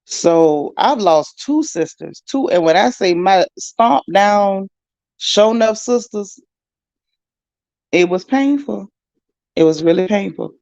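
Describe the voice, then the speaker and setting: A woman's voice: fairly low pitch, dry recording, dull audio. A woman hosting a casual livestream, chatting to viewers and reading their comments. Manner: chatty, animated, talks straight to viewers.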